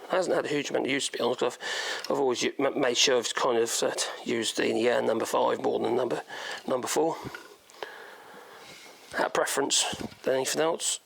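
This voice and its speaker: A man's voice: mid-range voice, fairly even intonation, fairly quick, vocal fry, fairly bright tone. A man with a Norfolk accent giving a chatty, rambling woodworking demonstration in his workshop, thinking aloud as he goes. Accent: Norfolk English. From Norfolk, England.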